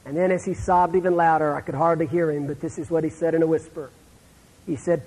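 A middle-aged man preaching a sermon, telling stories and dropping to a hush for the sad parts. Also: on the high side, fairly even intonation, fast talker, husky, in a large hall, poor audio. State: terminal illness, on breathing treatments. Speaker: pastor.

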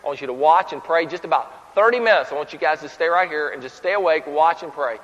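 A preacher doing a low, patient, weary teacher. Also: male voice, fast talker, fairly bright tone, long reverb tail, lo-fi sound. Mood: instructing.

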